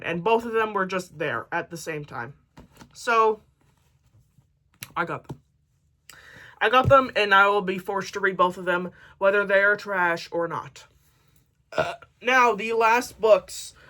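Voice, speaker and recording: A woman's voice: medium pitch, pushed and bright. A woman book vlogger chatting casually to camera, reading book blurbs aloud with jokey asides.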